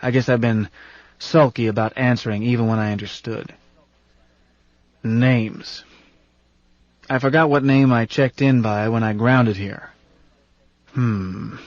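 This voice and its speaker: A man voicing Lazarus, a raspy, gruff ancient man. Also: medium pitch, slow, pauses often, a little mellow, dry recording, lightly acted. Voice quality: rasp. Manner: brusque and salty, grumbling. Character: gruff, blunt, ancient man, irritable and folksy. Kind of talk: audiobook character reading. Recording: dull, dry studio recording.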